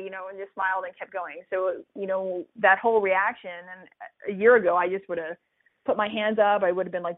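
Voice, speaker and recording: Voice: medium pitch, fairly even intonation, fairly quick. A physician who trains residents speaks in a loose, conversational way, leaning on fillers and restarting sentences often. The voice comes through a narrow, tinny phone line. The sound is dry, with no room echo. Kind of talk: casual reflective talk.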